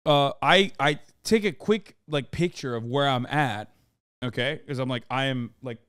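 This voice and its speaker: A man casually telling a story on a podcast, animated and swearing freely, acting out the people in it. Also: mid-range voice, a little slow, smooth, no room sound, clean studio sound. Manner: animated, swears, acts out quoted officials.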